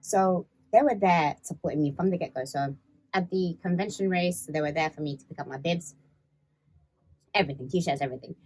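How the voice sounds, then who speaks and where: A woman's voice: low voice, brisk, a little mellow. A woman, a podcast guest telling stories in a casual interview and animatedly acting out the people in them. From London.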